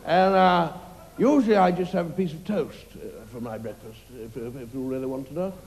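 A man's voice: on the high side, normal speed, vocal fry, darkish tone. A man playing a vain, preening man who boasts about his looks in a smug, self-satisfied way, live on a comedy club stage. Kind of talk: live stand-up character comedy. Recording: reverberant live venue, faint ambience.

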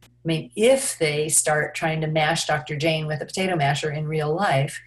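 A woman with a notably low voice, talking as a guest in an interview. She tells her stories in an animated way, often restarting a phrase before going on. Her delivery is warm in content and steady as a parenting expert. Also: normal speed. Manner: animated storytelling with many restarts. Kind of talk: interview conversation.

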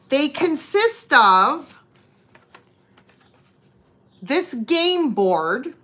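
A chatty woman hosting a live vintage sale, greeting viewers by name between items. Her voice sits high and swoops about a lot, and she talks very slowly. The tone is bright and forceful. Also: sing-song. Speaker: online vintage seller. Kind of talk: live-stream sale chat.

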